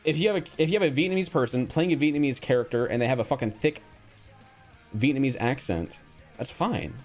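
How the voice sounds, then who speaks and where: A man's voice: mid-range voice, fairly quick, darkish tone, faint music behind. A young man streaming casually, reacting bluntly to a quiz with frequent swearing and reading out chat.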